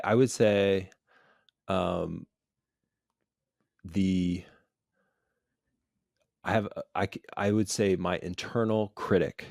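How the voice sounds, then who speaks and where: Very low, gravelly-voiced man. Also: darkish tone, no room sound, studio quality. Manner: loose, filler-heavy, lots of "like". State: busy parent. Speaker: psychiatrist guest. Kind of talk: casual podcast conversation.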